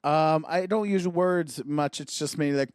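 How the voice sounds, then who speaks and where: A man's voice: fairly high pitch, normal speed, clean tone. A man doing playful, self-mocking comedy bits on a podcast. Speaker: comedian guest.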